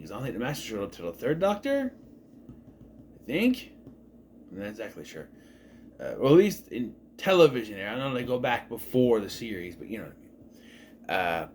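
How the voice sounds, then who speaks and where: A man talks through a television review in a loose, chatty way, with his pitch jumping up and down. He circles back and corrects himself as he goes. A faint hiss sits under his voice. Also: a bit bright. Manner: rambling and enthusiastic, often correcting himself. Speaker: TV show reviewer. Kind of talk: casual spoken review.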